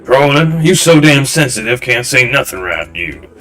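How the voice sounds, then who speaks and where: A man's voice: medium pitch, sing-song, moderate pace, a bit bright, faint music behind, voice pushed up. A man voicing a rude, hostile local man who taunts and blocks the way. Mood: taunting. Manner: taunting, aggressive. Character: rude southern male local, hostile gatekeeper.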